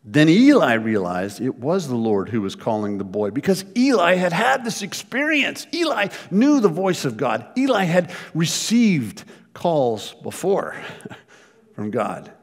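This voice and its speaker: A man's voice: fairly high pitch, big pitch swings, measured pace. Guy pastor telling a story in a sermon, lots of church hall echo, repeats words a lot. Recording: long reverb of a church hall.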